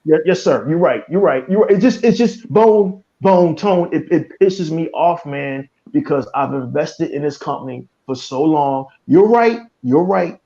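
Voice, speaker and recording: A man's voice: fairly high pitch, animated, a little slow, hardly any pauses, mellow, dull audio. A male podcast host in a heated, profane rant. He repeats himself and swears constantly. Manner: fiery, cursing, repeats himself.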